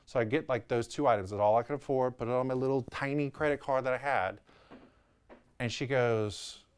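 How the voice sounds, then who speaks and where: A man's voice: medium pitch, fairly quick, clear, resonant tone. A man in his thirties with a New Orleans accent, telling a personal story candidly and acting out the people in it. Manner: animated, candid, quotes people in their voices. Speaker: real estate agent.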